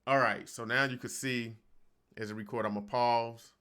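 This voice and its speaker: A man's voice: mid-range voice, fairly even intonation, normal speed, pushed and bright. A man hosting a home studio tutorial, talking loosely and conversationally and addressing viewers as y'all. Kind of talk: casual screen-recorded software tutorial. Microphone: studio microphone.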